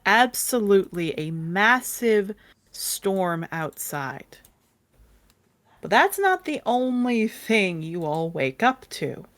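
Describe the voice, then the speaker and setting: A woman narrating a tabletop game as game master, telling the scene in an animated storytelling way. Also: medium pitch, slow, dry recording. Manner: animated storyteller, hums while cueing music. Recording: faint background music.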